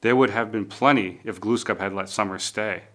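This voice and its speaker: A man's voice: lowish voice, normal speed, a bit bright, lightly acted. A man voicing a sly, shameless male badger in a storybook tale, making glib excuses.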